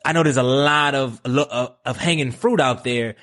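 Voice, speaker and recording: A man hosting a podcast, chatting casually and excitably, full of slang like man and bruh. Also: mid-range voice, moderate pace. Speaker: podcast host. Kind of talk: casual interview chat.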